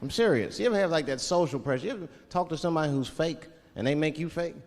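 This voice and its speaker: On stage in a big hall, a Washington, D.C. comic tells stories fast in a fairly high, expressive voice, adopting put-on voices for the people in them. The live recording is filled with audience laughter.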